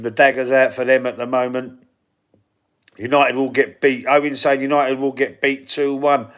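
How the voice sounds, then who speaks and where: On a football livestream, a middle-aged man with a London Cockney accent chats casually through match predictions, reading viewer comments and predictions aloud, stumbling and repeating words. His voice is mid-range and smooth.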